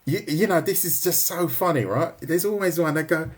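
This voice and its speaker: A man's voice: on the high side, moderate pace. A man giving a casual, joking drawing lesson on a livestream, teasing his viewers. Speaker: art teacher.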